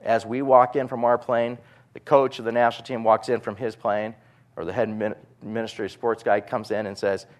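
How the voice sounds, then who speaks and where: Animated man preaching. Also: on the low side. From United States. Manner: animated storyteller, quick bursts and frequent repeats. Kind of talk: sermon with personal storytelling. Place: room with a live audience.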